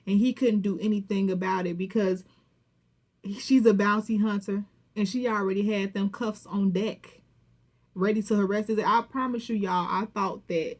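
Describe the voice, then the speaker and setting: Animated woman recapping a reality show. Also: medium pitch. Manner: animated, profane, acts out quotes with laughter. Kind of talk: casual recap commentary.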